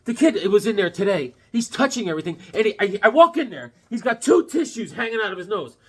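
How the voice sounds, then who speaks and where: Guy rambling about his comic books, corny jokes, slightly higher voice. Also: sing-song, fast talker, fairly bright tone, breathy edge. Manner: rambling and jokey, full of corny puns and asides. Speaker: comic book collector and channel host. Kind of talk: casual comic book review chat.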